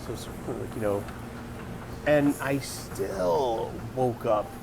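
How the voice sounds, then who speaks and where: A man's voice: mid-range voice, lively intonation, takes it slowly, creaky, noisy background. A man hosting a casual morning monologue, rambling and wry, sighing and restarting his sentences. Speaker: host of a morning video show.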